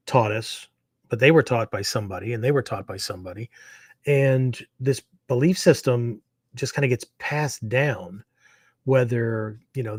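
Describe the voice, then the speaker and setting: A man's voice: medium pitch, a little mellow, husky, no echo. A man hosting his show as a martial arts teacher, giving a casual spoken lecture that meanders, full of fillers and "right?" tag questions.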